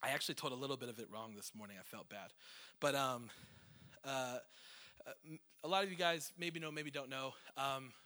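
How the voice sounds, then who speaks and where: A man's voice: medium pitch, a little fast, bright, forceful tone. A man in his thirties, a worship leader, preaching a conversational, emotional sermon with self-deprecating asides.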